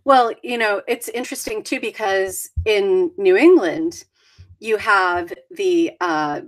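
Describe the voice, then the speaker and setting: Woman co-host, unhurried, rambling conversational delivery. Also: medium pitch. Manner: chatty, rambling with fillers. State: deaf, hears consonants poorly. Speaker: podcast co-host. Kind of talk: casual chat.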